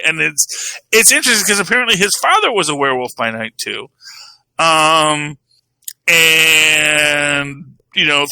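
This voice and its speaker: A man's voice: a little high, creaky, pushed and bright, no echo, poor audio. A man co-hosting a podcast, talking comics in a rambling, casual way full of "you know" and "um". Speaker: podcast co-host. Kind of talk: casual chat about comics.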